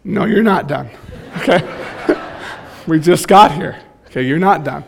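High-voiced pastor telling funny stories. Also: male voice, a little slow, vocal fry, a little hiss or hum. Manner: animated, joking storytelling. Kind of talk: sermon.

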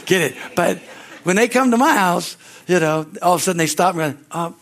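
A man's voice: high voice, animated, a little fast, gravelly, a bit bright. An older man preaching a sermon as pastor, in a folksy, conversational way with frequent chuckles, speaking in a church. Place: church sanctuary.

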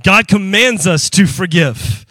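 Bright-voiced, high-pitched preaching man. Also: takes it slowly, dry recording. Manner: animated call-and-response preaching; emphatic, breaks into shouting. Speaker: pastor. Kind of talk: sermon. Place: church sanctuary with congregation.

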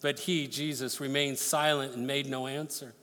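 A man's voice: medium pitch, flat delivery, moderate pace, bright, forceful tone, big-room sound. A man preaching a sermon, reading scripture aloud and explaining it with emphasis. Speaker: pastor.

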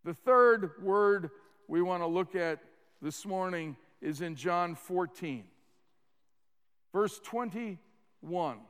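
A man with a notably high voice preaches slowly and deliberately, leaning on repeated words and building to sudden emphatic peaks. His sermon rings out with a long reverb, as if recorded in a large church hall. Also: animated, a bit bright, clean tone. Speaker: pastor.

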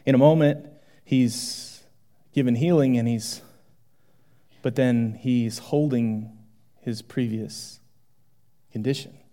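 A male pastor preaching a sermon in a conversational, animated way, moving between loud exclamations and hushed asides. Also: medium pitch, slow pace, long pauses.

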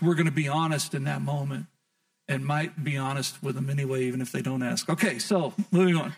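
A middle-aged male pastor delivers a sermon in a high-pitched voice, doubling back on his words in animated repetitions. He sounds a little distant from the microphone. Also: a little fast. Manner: repetitive stammering restarts, animated preaching.

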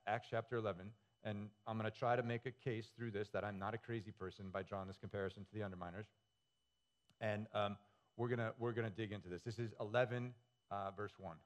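Pastor guy giving a sermon, chatty, keeps asking the crowd stuff. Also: mid-range voice. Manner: conversational, asks the audience questions. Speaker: lead pastor.

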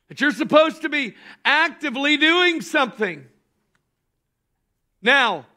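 A man pastor preaching a sermon with emphatic bursts of shouting, calling on the congregation to answer back. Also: extremely high pitch. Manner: calls on the congregation to respond.

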